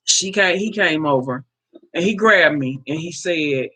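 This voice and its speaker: Bright-voiced woman in her fifties, heartfelt. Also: low voice, unhurried, husky, low-quality recording. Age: 50s. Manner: heartfelt, repeats herself, talks straight to viewers. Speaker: livestream host. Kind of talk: casual live-stream chat with viewers.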